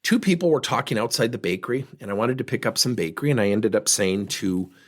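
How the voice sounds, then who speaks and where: A husky, slightly breathy man hosts his own show and tells personal stories with a lively, swooping delivery. He speaks candidly, as a coach reflecting on his own behavior. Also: on the low side, fast. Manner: candid, animated storyteller. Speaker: podcast host and coach. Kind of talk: personal storytelling monologue.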